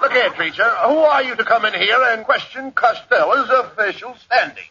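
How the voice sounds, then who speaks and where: A man's voice: extremely high pitch, expressive, normal speed, bright, forceful tone. A man playing straight man in 1940s radio comedy, scolding and exasperated. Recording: dull old radio recording, noisy.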